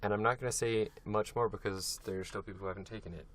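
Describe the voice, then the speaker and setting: A young man co-hosting a podcast in casual chat, steering the episode and talking in halting bits with restarts. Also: fairly low pitch, steady tone, a bit bright. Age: young adult. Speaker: podcast co-host.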